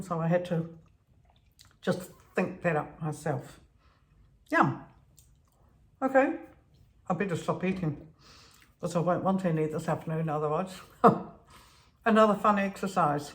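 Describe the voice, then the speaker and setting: A woman chatting casually as she bakes at home, laughing often and trailing off with fillers. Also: fairly low pitch. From Netherlands. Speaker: vlogger. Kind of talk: casual home baking vlog.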